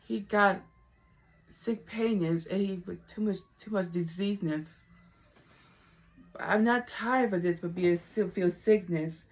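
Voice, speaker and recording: Speaking in a lowish voice, this vlogger addresses the camera in a personal video. Her words come haltingly and with emotion, plain and repetitive, frequently dropping to a soft whisper.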